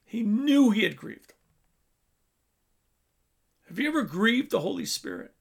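A man preaching a sermon, telling a story with his voice swelling loud and dropping low. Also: sing-song, a little slow, creaky.

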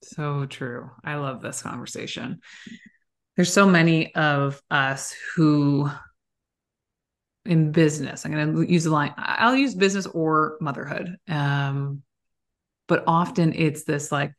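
Deep, gravelly-voiced woman podcast host. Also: slow pace. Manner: reflective, sums up the guest's points, swears casually. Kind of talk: casual interview conversation.

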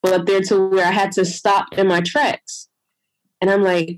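A woman tells a personal story as a guest, in a casual, lively way, with lots of "you know" and "I'm like" along the way. Her pitch sits in an ordinary middle range. The sound is dry and close, with no room around her. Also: unhurried, dry recording, rough recording. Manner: animated, acts out her own past words in a higher voice.

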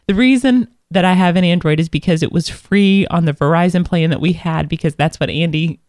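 A woman's voice: fairly low pitch, fairly quick, darkish tone, dry recording. Chatty Kentucky woman, dry sound. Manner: chatty, rambling, self-deprecating. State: not fully well. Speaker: podcast co-host. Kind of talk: casual chat.

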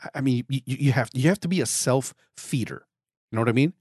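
A chatty podcast host, a man in his forties whose throat is raspy and scratchy today. He rambles in a friendly way, stumbles over repeated words and jokes about himself. His mid-range voice sits close and dry on the mic, with no room sound around it. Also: medium pitch, quick pace, a little mellow, no room sound. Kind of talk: casual podcast monologue.

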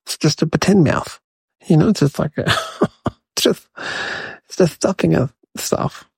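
A man's voice: fairly high pitch, normal speed, creaky, husky, no room sound, exaggerated voice. A man voicing a mischievous, chatty young boy who rambles to the viewers in a comedic monologue. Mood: rambling. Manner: rambling, addresses viewers as guys.

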